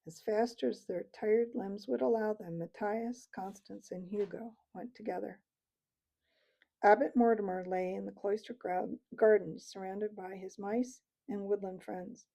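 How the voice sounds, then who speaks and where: Gravelly dark-voiced woman reading aloud. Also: medium pitch, measured pace, poor audio. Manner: steady, calm narration. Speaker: storyteller.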